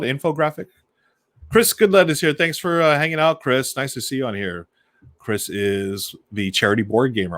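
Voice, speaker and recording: A man hosting a casual live stream, chatting enthusiastically to viewers while unboxing a board game and snacking, with plenty of fillers as he thinks aloud. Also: mid-range voice. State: munching snacks while talking. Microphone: desk microphone on a live stream.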